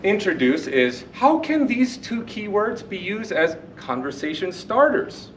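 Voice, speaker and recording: A man's voice: high voice, sing-song, measured pace. A man hosting a club session in an upbeat way, joking with the audience between speakers. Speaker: table topics master. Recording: echoey room, mic far off, loud background noise.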